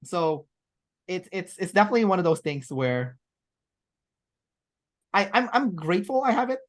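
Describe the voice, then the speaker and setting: A woman's voice: on the low side, big pitch swings, moderate pace. A woman as an interview guest, talking in a rambling, chatty way with many fillers and restarts. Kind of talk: casual interview chat.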